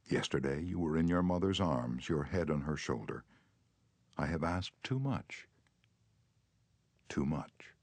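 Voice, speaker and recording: Male audiobook narrator, very deep voice, earnest measured delivery, dry studio sound. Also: animated, no echo. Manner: measured, earnest reading with tender, remorseful passages.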